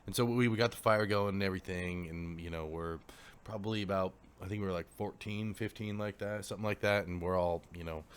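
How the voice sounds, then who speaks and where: Young man, very low voice, co-host, swears a lot, laughs through his stories. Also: brisk, smooth. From Pacific Northwest of the US. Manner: laughs often, swears freely, animated when telling a story. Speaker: podcast co-host. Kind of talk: casual storytelling chat.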